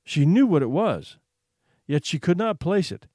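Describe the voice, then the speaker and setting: Man reading a story with lively expression. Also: on the high side, measured pace, no room sound, studio quality. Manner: expressive, suspenseful, hushed for tension. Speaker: narrator. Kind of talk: dramatic reading of a short story.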